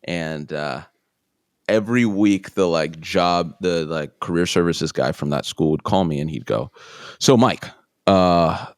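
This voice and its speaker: A man telling his own story as an interview guest, self-deprecating and animated, acting out the people in it. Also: rumbling low, measured pace, no room sound, studio quality. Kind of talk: casual storytelling.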